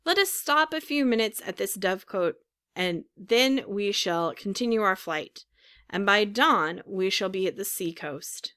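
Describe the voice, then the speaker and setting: A woman voicing a large, calm, helpful male pigeon who talks in a matter-of-fact way. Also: mid-range voice, measured pace.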